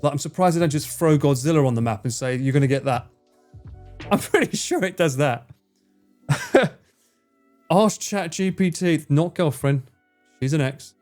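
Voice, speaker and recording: A man's voice: fairly high pitch, lively intonation, moderate pace, pauses often, a little mellow, soft background music. A man chatting casually on a livestream, reading chat, swearing freely and bantering with a teasing tone.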